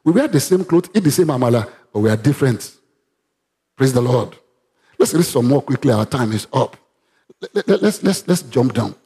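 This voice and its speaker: Animated Nigerian pastor, lively pitch. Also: male voice, normal speed. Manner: animated preaching with sudden loud rises. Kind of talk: sermon with Bible reading.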